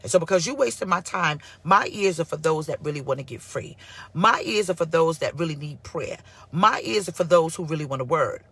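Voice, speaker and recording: A woman pastor giving a casual live-streamed sermon, sassy and animated as she answers her online viewers. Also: low-pitched, brisk, husky. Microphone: phone or computer mic for live stream.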